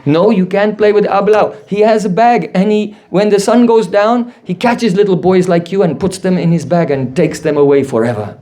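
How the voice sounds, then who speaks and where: A man's voice: sits high, moderate pace, hardly any pauses, dark tone, close to an everyday voice. A man voicing a mother who warns her small son, told like a bedtime tale. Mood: warning.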